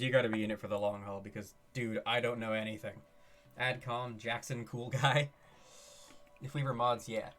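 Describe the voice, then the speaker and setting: A man streaming live, chatting casually with his viewers in an excitable way, laughing often and firing off questions. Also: mid-range voice.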